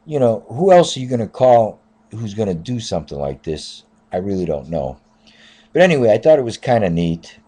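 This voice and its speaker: A man in his fifties with a low, deep voice tells a story from his taxi rounds. His tone is soft and mellow, and he rambles along casually, stacking up "I said" and "uh" as he goes. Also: big pitch swings, a little fast, husky. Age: 50s. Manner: rambling, repeats "I said" and "uh". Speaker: taxi driver.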